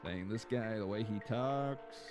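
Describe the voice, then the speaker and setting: A man's voice: on the low side, unhurried, over music. A man streaming a game, joking and rambling and slipping into silly voices. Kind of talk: casual gaming livestream.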